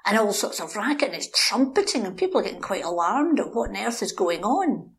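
A woman telling a local story in a lively, animated way, acting out the characters. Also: mid-range voice, brisk. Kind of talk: anecdotal storytelling.

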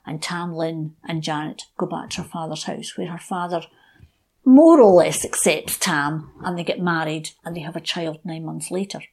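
A woman telling a folk tale aloud, expressive and shifting between hushed and lively. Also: sits low, moderate pace. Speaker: storyteller guest. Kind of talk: oral folk storytelling.

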